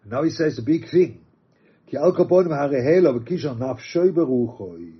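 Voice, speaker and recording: Husky man teaching a religious text. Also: on the high side, lively intonation. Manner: reads Aramaic and Hebrew quotes then explains in English, halting restarts. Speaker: Torah teacher. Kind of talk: text study lecture. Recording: dull lo-fi recording.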